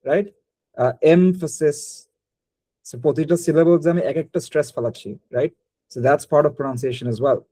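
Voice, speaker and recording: Fast-talking man teaching. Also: on the high side, warm tone, no room sound, poor audio. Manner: rapid mix of English and Bengali, frequent restarts. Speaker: spoken English teacher. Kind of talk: live online class feedback.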